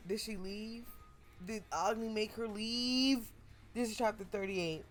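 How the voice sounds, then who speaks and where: A woman hosting a manga reaction, reading it aloud and reacting with casual, animated comments. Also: on the high side, unhurried, faint music behind. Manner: animated, exclamatory.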